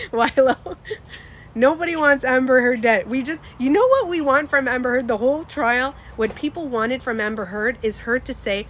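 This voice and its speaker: A woman's voice: high-pitched, normal speed, fairly bright tone. A young woman hosting a casual livestream, talking emphatically and answering chat comments. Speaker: livestream host.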